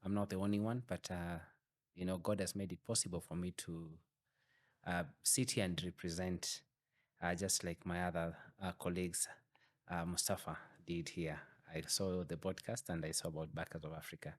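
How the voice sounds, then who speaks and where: A man's voice: deep voice, flat delivery, moderate pace. A man from Kenya, a pastor and adventure rider, speaking as an easygoing interview guest. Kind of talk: casual interview.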